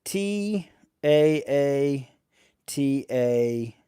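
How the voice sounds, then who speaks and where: A man's voice: mid-range voice, lively intonation, drawn-out words, mellow, clean tone, no room sound. A man hosting a casual live stream, reading letters aloud and greeting chat viewers.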